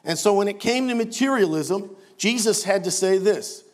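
A man's voice: high voice, expressive, normal speed. An older man preaching a sermon as pastor, emphatic with wry asides.

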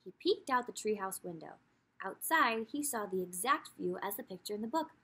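Lively woman reading a children's book aloud. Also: medium pitch, moderate pace, breathy edge. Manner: expressive, lively storytelling with asides to young listeners.

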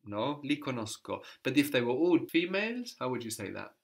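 A man's voice: mid-range voice, big pitch swings, moderate pace, creaky. A man teaching a language lesson, patiently prompting a student and repeating her answers.

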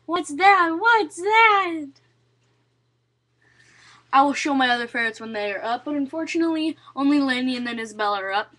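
Young woman, high-pitched, casual home vlog, chatty, coos at pets. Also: racing, hardly any pauses, a bit bright. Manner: chatty, talks baby talk to pets. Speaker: vlogger. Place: at home indoors.

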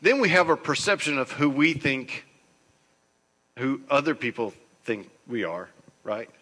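Pastor, male, emphatic sermon delivery that drops to a hush, in a big echoing sanctuary. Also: medium pitch, expressive, unhurried. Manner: swings between hushed and loud, emphatic. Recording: long church hall reverb.

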